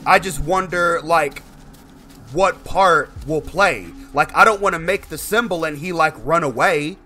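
A young man narrating his horror-game playthrough in a loose, chatty way, coaxing and apologizing to his in-game dog. His voice sits a little on the high side. Faint noise lies under it. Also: a little slow, bright, forceful tone. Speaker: gaming streamer. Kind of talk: casual gameplay commentary.

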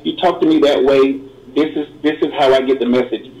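Earnest halting middle-aged man calling in. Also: mid-range voice, fairly even intonation, a little mellow, slight background noise. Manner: earnest, halting, many repeated words. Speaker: caller. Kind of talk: call-in testimony. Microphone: phone call. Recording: roomy call-in line.

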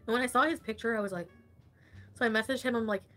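A woman's voice: fairly high pitch, fast talker, a bit bright, faint music behind. A woman streamer in casual livestream chat, gossiping with lots of giggles, swearing and "like" fillers. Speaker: online streamer.

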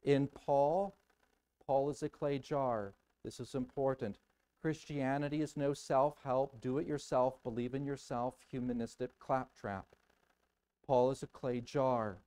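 A male pastor delivering a sermon in a church sanctuary, voice pitched in the ordinary middle for a man. He preaches with dramatic swings, dropping to a hushed murmur and then rising to a loud, ringing cry. He leans on repetition to drive points home. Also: low-quality recording. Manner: emphatic repetition.

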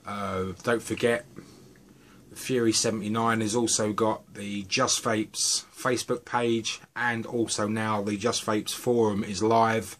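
A middle-aged man from the UK reviews vape juices in a chatty, relaxed way, drifting off into rambling asides. His voice is fairly low and his pace unhurried.

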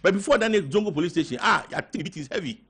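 An older man with a Ghanaian accent, talking as a guest on a talk show, halting and mixing in local words. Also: high voice, expressive, slightly rough. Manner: halting, mixing in local words, growing loud when telling a story. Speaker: guest party member. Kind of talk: casual talk show interview.

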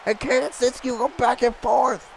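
Hoarse, excitable high-voiced male streamer. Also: normal speed, slight background noise, poor audio. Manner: excitable, shouts and swears at the game. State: losing his voice. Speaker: streamer playing a wrestling video game. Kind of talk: excited live gameplay commentary.

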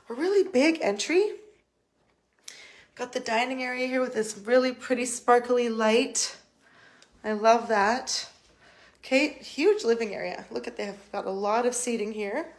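A Canadian woman, a real estate agent, walking through a house on a live video and talking in a chatty, upbeat way full of fillers and restarts. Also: on the high side. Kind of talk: live video home tour.

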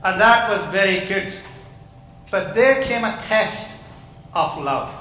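Guy minister, slow bright voice, doing a kids talk with the congregation, big echoey church. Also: high voice, lively intonation. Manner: interactive, questioning the congregation. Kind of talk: children's talk in church service. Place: large church hall.

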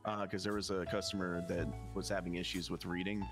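A man's voice: low voice, flat delivery, over music. A man playing a fawning restaurant manager in an improvised game role-play, talking eagerly. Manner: eager, fawning, talks fast.

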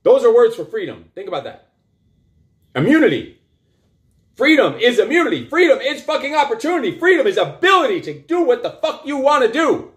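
A middle-aged male coach rants with raw energy, his voice sitting high and swinging wildly up and down. He swears constantly and drives points home by repeating them. The talk is blunt and emphatic, built to pump listeners up. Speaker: coach and show host. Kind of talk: profane motivational rant.

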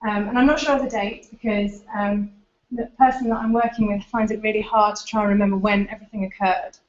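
A woman's voice: mid-range voice, steady tone, fast. Woman lecturing in an echoey room. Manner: conversational, explaining while pointing at pictures. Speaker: researcher giving a seminar talk. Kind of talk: informal academic presentation with slides. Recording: roomy, dull lecture recording.

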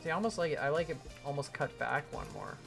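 Over music, a Canadian man livestreams a building game, his voice on the high side, expressive, fast and creaky. He chats casually and responds to viewers' questions with rambling self-deprecation.

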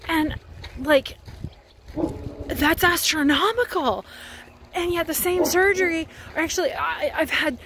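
A woman's voice: very high voice, a little slow, pauses often, noisy background. A woman walking outside while vlogging into her phone, talking in a rambling, heated, casual way with lots of fillers. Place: outdoors, walking.

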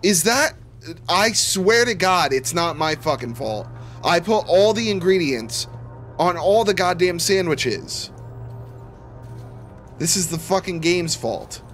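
A young man streaming a horror cooking game live, grumbling and swearing constantly, with sudden bursts of shouting. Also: high-pitched, animated, slow pace, long pauses, faint music behind. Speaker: gaming streamer. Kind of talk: live gameplay commentary.

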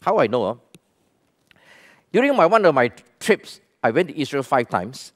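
Animated Malaysian pastor preaching. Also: male voice, medium pitch, moderate pace. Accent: Malaysian English. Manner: emphatic, asks questions and calls the congregation to respond. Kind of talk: sermon. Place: church with a congregation present.

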